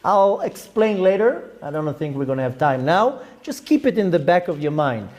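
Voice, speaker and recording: A man's voice: on the high side, sing-song, moderate pace, darkish tone. A man, a rabbi giving a Torah lecture to a class, explaining step by step with terms and side notes. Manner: explanatory, with Hebrew terms and frequent asides.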